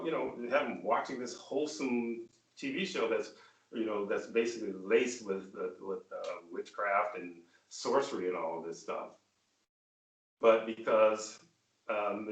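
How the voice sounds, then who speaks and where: Host, male, lowish voice, halting and rambling, mic far off in a roomy space. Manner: rambling, halting, with many filler sounds. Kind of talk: casual discussion.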